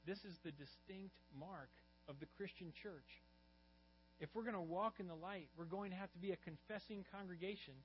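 A man's voice: high voice, moderate pace, faint music behind. A man preaching a sermon as pastor, telling stories earnestly and rising in emphasis on key lines. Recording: muffled recording with faint mains hum.

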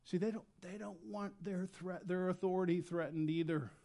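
A man preaching a sermon as pastor, swinging between loud emphatic lines and quiet, low asides. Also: steady tone, moderate pace, gravelly. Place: church sanctuary.

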